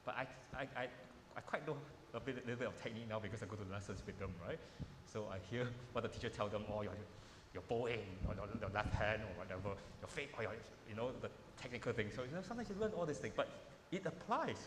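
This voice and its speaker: A man from Malaysia teaches piano at a masterclass workshop in a large hall, coaching informally with simple phrasing and repeated words. His voice is on the low side, quick and lively in intonation, against a noisy background with roomy hall echo and piano playing.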